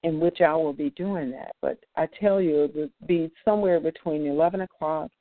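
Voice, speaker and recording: The host of an online community call gives an informal spiritual talk on scripture, halting often with fillers and restarts. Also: medium pitch, dry recording. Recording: tinny phone-line sound, dry.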